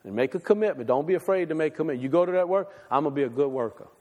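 In a church sanctuary, a pastor races through a folksy, conversational sermon, his slightly high voice highly expressive. Some lines are loud and emphatic while others drop to a hush, all wrapped in the long reverb of the hall.

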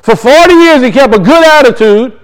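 A man's voice: very high voice, lively intonation, moderate pace, low-quality recording. A man preaching a sermon, emphatic and repetitive, his voice rising and falling as he drives points home.

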